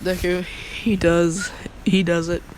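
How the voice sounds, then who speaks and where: A man's voice: high voice, level tone, slow, a little hiss or hum, low-quality recording. A young man casually retelling a fan story, rambling and slangy with many fillers.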